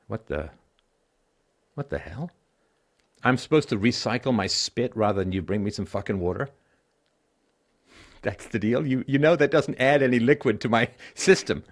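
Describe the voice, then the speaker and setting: A middle-aged call-in show host tells personal stories bluntly, swearing as he goes. His voice sinks low and tired, then climbs loud and forceful. He's expressive, keeps a moderate pace, and leaves long pauses.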